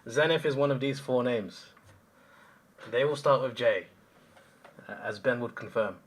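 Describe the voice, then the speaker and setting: A man's voice: mid-range voice, measured pace. A man hosting a live stream, chatting casually and answering chat comments as he rambles.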